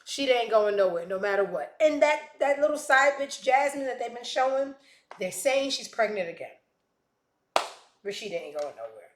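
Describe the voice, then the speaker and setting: A woman's voice: a little high, expressive, normal speed. Blunt, sarcastic woman in an echoey room. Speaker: show host. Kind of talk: casual commentary.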